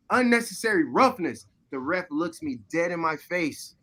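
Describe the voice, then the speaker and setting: Male guest storyteller, raised pitch, animated retelling, chat podcast. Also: normal speed. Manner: animated storyteller, shouting replays. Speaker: former player guest.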